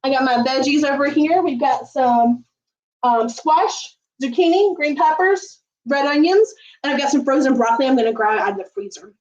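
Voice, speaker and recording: A woman's voice: high voice, expressive, moderate pace, distant mic, lo-fi sound. A woman hosting a home cooking livestream, chatting folksily to viewers with lots of ums. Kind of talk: casual livestream chat while cooking. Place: home kitchen.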